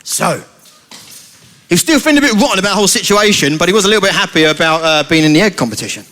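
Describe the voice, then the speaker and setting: A man's voice: high voice, sing-song, racing, sharp tone. A man telling a playful story to children during a family church service.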